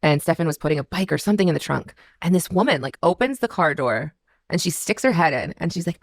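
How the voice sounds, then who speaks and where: A woman in her thirties answering interview questions in a candid storytelling way, with many filler "like"s. Her voice sits low for a woman. The recording is dry and close. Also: animated, fast talker, dry recording. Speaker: interview guest.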